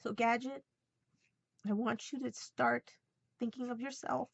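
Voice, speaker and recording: Woman, vlogger, earnest, heartfelt, halting, dry close sound, lo-fi. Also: fairly high pitch, flat delivery, gravelly, slightly rough, dry recording. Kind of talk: emotional personal vlog, relaying a message.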